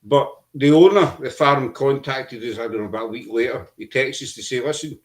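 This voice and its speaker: Man telling an earnest story. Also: mid-range voice. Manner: earnest storytelling, halting with fillers. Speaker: podcast host. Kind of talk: casual chat. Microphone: video call.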